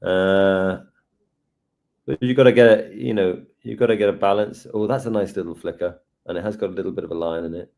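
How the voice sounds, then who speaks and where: A man with a lowish, mellow voice co-presents a live design lesson. He talks in a relaxed way and thinks aloud as he tries things on screen. Warm and unhurried in tone. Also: creaky.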